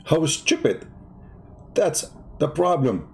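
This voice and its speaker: A man hosting a live stream, mocking and sarcastic, growing loud and excited as he argues. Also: on the high side, slow, vocal fry. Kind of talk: live-streamed religious debate talk.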